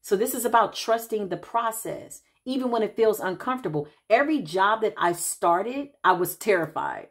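A woman giving a casual spiritual reading, telling stories in an animated, chatty way and calling her listeners child and honey. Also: medium pitch. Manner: quick asides and restarts, laughs at herself. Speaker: intuitive spiritual reader.

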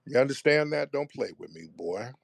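A man hosting a live online audio room, taunting and talking down to a caller with slow, deliberate jabs. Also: mid-range voice, animated, gravelly, dry recording. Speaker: host. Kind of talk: confrontational live audio chat.

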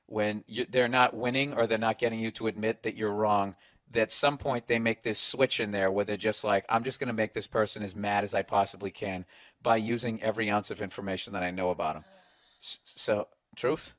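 A man's voice: fairly low pitch, fairly even intonation, brisk, fairly bright tone, no room sound, clean studio sound. A middle-aged man with a Boston accent, hosting a comedy podcast in a blunt, profane, rambling rant.

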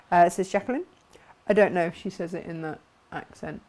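A woman hosting a craft live stream, chatting brightly and reading out viewer comments with frequent laughs. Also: medium pitch, animated, quick pace. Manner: bubbly, chatty, laughs often.

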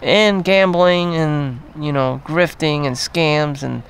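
Gravelly, rambling, profane man. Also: a little high. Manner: rambling, profane, frequent fillers and trailing pauses. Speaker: vlogger. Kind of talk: casual rambling monologue.

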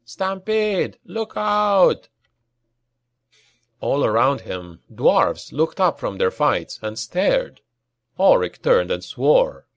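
A man reading a dark fantasy battle scene aloud as an audiobook narrator, in a dramatic storytelling manner. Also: very animated, slow, no echo, clean studio sound. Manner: dramatic reading, raising pitch for shouted lines. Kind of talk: scripted narration.

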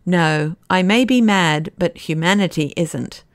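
A man's voice: a little high, a little slow, no echo, studio quality, lightly acted. A woman reading an audiobook, voicing a hearty, impatient young male doctor in a raised voice. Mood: emphatic. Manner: blunt, boisterous and impatient.

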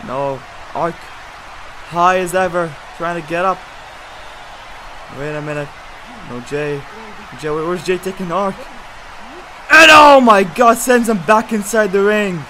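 This is a commentator calling a wrestling bout with wildly swinging intonation, dropping low for hushed remarks and bursting into shouts at every big move. A faint hiss sits under the voice. The delivery is jokey and excitable, with quick self-corrections. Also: rough recording.

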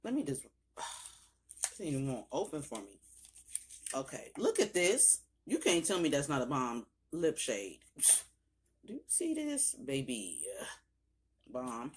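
A young woman filming a casual makeup haul, talking straight to her viewers with loose slang and cursing, and breaking into sudden high exclamations. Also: very animated, measured pace, pauses often, slight background noise. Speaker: beauty vlogger.

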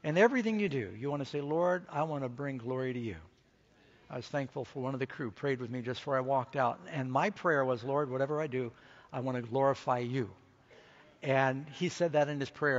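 A middle-aged man preaching a conference sermon, telling a story and rising to excited, emphatic peaks. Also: medium pitch, highs cut off. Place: large conference hall stage.

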